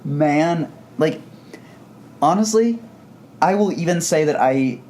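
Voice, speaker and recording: A man's voice: fairly high pitch, lively intonation, slow, mellow, a little hiss or hum. A man co-hosting a podcast, talking casually and enthusiastically about comics, rambling with frequent restarts. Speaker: podcast co-host. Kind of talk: casual comic book discussion.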